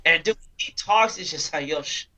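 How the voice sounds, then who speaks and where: A man's voice: a little high, normal speed, pushed and bright, soft background music, poor audio. A man co-hosting a casual sports talk show, blunt and profane in his takes. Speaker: podcast co-host.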